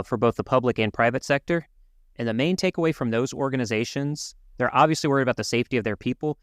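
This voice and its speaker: A man co-hosting a podcast, talking through world events in an earnest, measured way with some restarts. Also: mid-range voice, clear, resonant tone, no room sound, studio quality. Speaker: podcast co-host. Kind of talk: casual conversational commentary.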